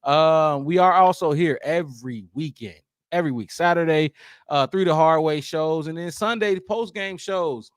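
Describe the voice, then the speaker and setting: A man hosting a casual sports podcast, lively and talkative, calling out fans in the chat. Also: fairly high pitch, clean tone, dry recording, studio quality. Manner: lively, hypes the chat, quick asides. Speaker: podcast host.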